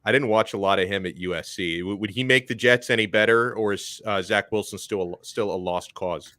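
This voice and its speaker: A man hosting a sports talk show in casual chat, joking and animated, often repeating himself as he talks. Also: fairly low pitch, a little fast, no room sound. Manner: joking, animated, stumbles over words.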